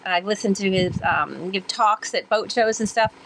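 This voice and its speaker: Animated woman telling stories full of fillers. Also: medium pitch, normal speed, slight background noise, rough recording. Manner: animated, rambling storytelling with many fillers. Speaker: guest, sailor and author. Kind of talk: conversational storytelling interview.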